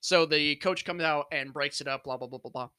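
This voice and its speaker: A man's voice: a little high, brisk, sharp tone, smooth, no room sound. A man casually telling a rambling, profane story to his friends, laughing as he goes. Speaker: podcast co-host telling a story. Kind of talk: casual chat among friends.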